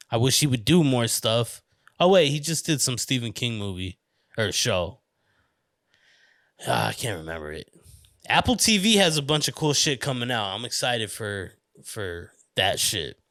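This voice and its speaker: A man's voice: mid-range voice, fairly bright tone, no room sound, studio quality. A man with a US East Coast accent hosting a podcast alone, rambling in a loose, profane, casual monologue and often breaking into laughter. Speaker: podcast host.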